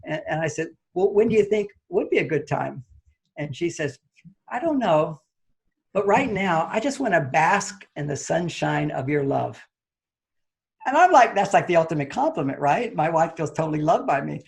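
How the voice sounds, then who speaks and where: A man, a relationship author interviewed as a guest, telling a personal story and acting out his own reactions with sudden high, loud jumps. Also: sing-song, normal speed, vocal fry, slightly rough.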